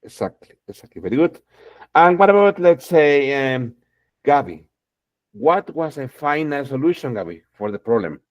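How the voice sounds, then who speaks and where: A man's voice: medium pitch, big pitch swings, normal speed, dry recording. A man teaching an English class, encouraging students and saying "okay" and "exactly" again and again. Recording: dull lo-fi sound.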